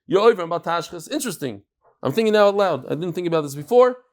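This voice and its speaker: In a voice that sits high, a man teaching his daily Talmud lesson works through the text aloud, playing out each exchange. He moves fast with lively intonation, blending English with Hebrew and Aramaic vocabulary.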